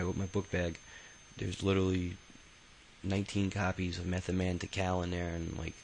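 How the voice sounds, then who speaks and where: Man, deep and gravelly, telling his memoir off the cuff: rambling, profane, full of ums and restarts. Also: monotone, normal speed, a little mellow, slight background noise, low-quality recording. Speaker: autobiography narrator. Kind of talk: casual spoken memoir.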